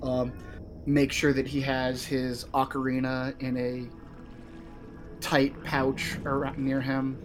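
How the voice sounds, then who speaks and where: A man's voice: mid-range voice, completely flat delivery, slow pace, faint music behind. Man rambling through his turn in a tabletop game. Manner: rambling, filler-heavy. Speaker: player. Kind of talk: casual play.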